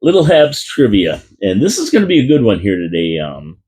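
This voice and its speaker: A man's voice: on the low side, huge pitch swings, a little fast, a little mellow. A man hosting a casual fan talk show, rambling and joking with his co-host at a desk mic in a small room. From Canada. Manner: goofy, rambling, jokey. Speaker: podcast host.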